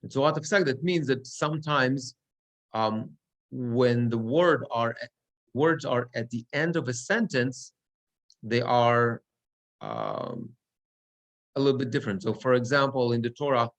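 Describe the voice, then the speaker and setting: A man's voice: mid-range voice, moderate pace. A cantor and rabbi teaching a class on prayer chanting. He explains step by step and often asks "right?" to check that his students follow.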